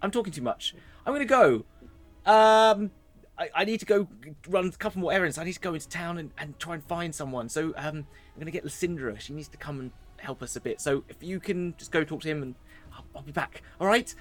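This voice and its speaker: A man's voice: on the high side, fairly quick, faint music behind, pitched above the performer's own voice, natural voice. A man voicing a flustered man who rambles, stammers and keeps correcting himself. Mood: hurried.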